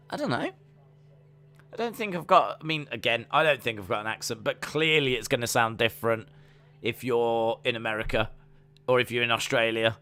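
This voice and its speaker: English guy rambling on a stream, reading chat, really bright forceful voice, mid pitch. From England. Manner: rambling, self-deprecating, frequent restarts. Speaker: wrestling watch-along streamer. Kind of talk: casual live-stream chat reading viewer comments.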